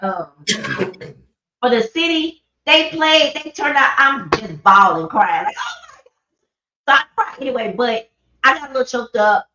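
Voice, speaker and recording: A woman's voice: medium pitch, sharp tone. A woman hosting a livestream, talking about grief in an earnest, rambling, conversational way. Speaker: livestream host. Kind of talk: casual personal talk on grief. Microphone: livestream microphone. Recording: roomy, dull livestream audio.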